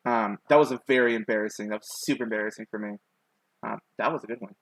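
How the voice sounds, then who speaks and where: A man's voice: lowish voice, fast talker, fairly bright tone, dry recording, rough recording. A young man telling a rambling story while streaming himself drawing, full of "like" fillers and self-mocking asides.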